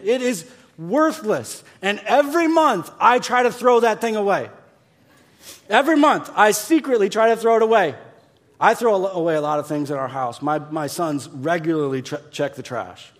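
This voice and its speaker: High-voiced pastor preaching with swings from hush to loud. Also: male voice. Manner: emphatic, repeats words, swings from hushed to loud. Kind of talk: sermon.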